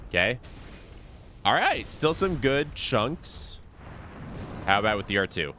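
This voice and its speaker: A man's voice: mid-range voice, big pitch swings, slow, sharp tone, slight background noise. A man streaming a game live, chatting casually to his viewers as he plays. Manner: casual, chatty, talks to chat. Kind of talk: live gameplay commentary.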